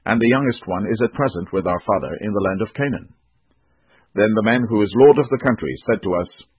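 A man's voice: fairly low pitch, breathy edge, dry recording. A man reading the lines of a frightened band of grown brothers, in an anxious, pleading manner over a tinny recording. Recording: tinny phone-like dry recording.

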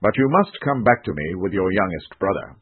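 A stern male governor speaks with a husky, lively voice, as a man reads him in his own low tone. He sounds commanding and solemn. The sound is tinny and phone-like, with no room echo. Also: fairly quick, heavily acted. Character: stern male Egyptian governor testing strangers. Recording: tinny phone-like dry recording.

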